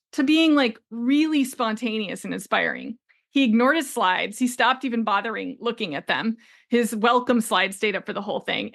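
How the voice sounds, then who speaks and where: Her voice is fairly high and a bit bright as she hosts her solo business podcast. She is in her forties, works as a business coach, and tells a story conversationally with frequent laughter.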